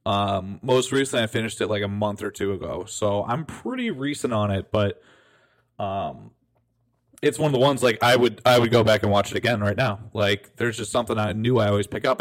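Chatty low-pitched man, casual podcast. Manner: chatty, self-correcting, laughs easily. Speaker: podcast co-host. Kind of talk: casual chat.

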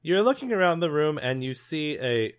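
A man running a tabletop role-playing game, calm and matter-of-fact. He narrates scenes and asks for dice rolls in an easy, casual way. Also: a little high, moderate pace, clear, resonant tone. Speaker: game master.

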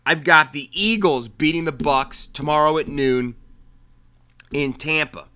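A man's voice: fairly high pitch, a little slow, pushed and bright, smooth. A man from Maryland hosting a sports show, giving casual football picks with joking asides and repeated phrases. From Maryland, USA. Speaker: sports podcast host.

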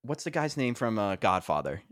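A man's voice: on the low side, big pitch swings, normal speed, fairly bright tone. A young man in his twenties co-hosting a podcast, telling stories in a rambling way, with lots of fillers and frequent laughs. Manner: rambling storyteller, heavy on fillers, laughs often. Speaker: podcast co-host. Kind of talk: casual chat.

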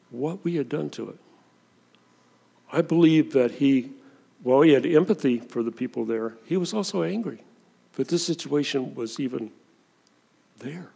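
A man's voice: medium pitch, creaky, mellow, slightly rough, in a large hall. A man preaching a sermon as pastor, talking conversationally and dramatizing the scripture he reads.

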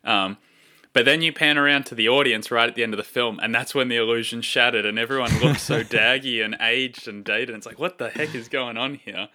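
A man's voice: medium pitch, steady tone, brisk, sharp tone. A man co-hosting a casual chat, rambling with many fillers. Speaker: podcast co-host.

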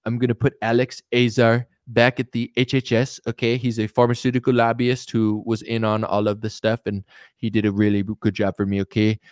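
A man putting on an impression of a boastful, rambling older male politician, with loud, repetitive bragging. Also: medium pitch, flat delivery, fairly quick, smooth, no echo, clean studio sound, close to an everyday voice. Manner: repetitive, loud, bragging sing-song delivery.

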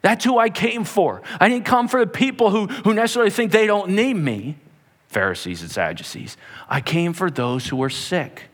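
Male pastor, high-pitched, animated storytelling sermon delivery. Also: moderate pace. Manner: animated, dramatic retelling with voiced characters. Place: church hall.

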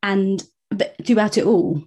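A woman co-hosting a book podcast, talking casually with many pauses and restarts and laughing along. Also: medium pitch, fairly even intonation, darkish tone, husky. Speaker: podcast co-host.

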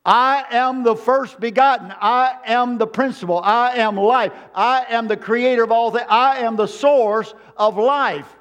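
A man with a high-pitched voice delivers a sermon from the pulpit. He hammers his points home with repeated phrases and reaches out to the congregation for amens. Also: unhurried, few pauses, fairly bright tone, smooth. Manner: emphatic preaching with repeated phrases. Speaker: preacher.

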